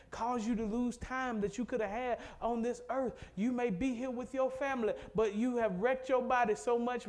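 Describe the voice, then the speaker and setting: A middle-aged man from Mississippi delivers a sermon in a strikingly high voice. He leads the congregation in call-and-response and swells from quiet, low asides to loud, fervent exhortation. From Mississippi, USA. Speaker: pastor.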